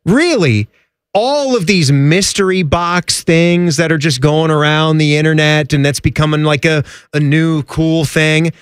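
A man's voice: a little high, unhurried, smooth, dry recording, studio quality. A man hosting a show in playful, joking casual chat. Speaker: show host.

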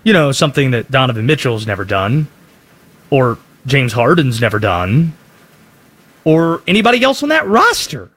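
A man's voice: medium pitch, big pitch swings, moderate pace, a bit bright. A man giving emphatic, opinionated sports commentary.

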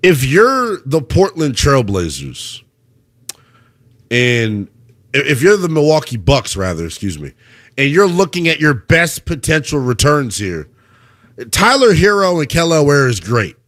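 A man with a voice on the high side hosts a sports talk radio show at an unhurried pace. He argues his takes animatedly, leaning on rhetorical questions.

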